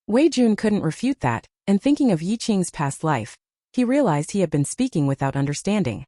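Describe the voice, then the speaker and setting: A woman narrating a scripted story with an expressive reading. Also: fairly low pitch, moderate pace, dry recording, studio quality.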